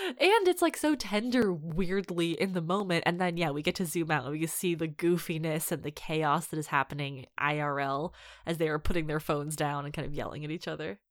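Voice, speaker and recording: A woman's voice: deep voice, moderate pace. A woman co-hosting a casual podcast chat. She gushes about what she loves and laughs often as she talks. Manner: giggly, gushing. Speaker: podcast co-host.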